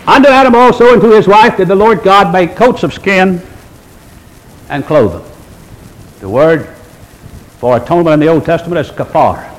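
A man with a high voice preaches a sermon, reading old-fashioned scripture wording aloud. He swings from loud, emphatic lines down to hushed, low passages. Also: low-quality recording. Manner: reads scripture in King James wording.

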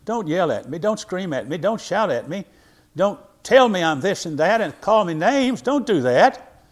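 An elderly man in his eighties preaching a sermon with a voice that climbs and falls all over the place. His pitch sits a bit high for a man, and he switches between loud emphatic lines and quiet ones as he reads scripture in old-fashioned wording. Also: sing-song, moderate pace. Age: 80s. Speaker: pastor.

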